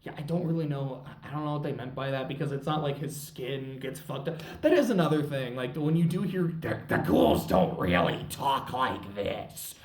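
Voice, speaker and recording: A man's voice: on the high side, brisk, few pauses, a little mellow. A young man rambles through a casual show review, tossing in fillers and laughter. His voice sits a touch above the middle, and he is picked up from a distance in an echoey room. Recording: roomy echo, mic at a distance.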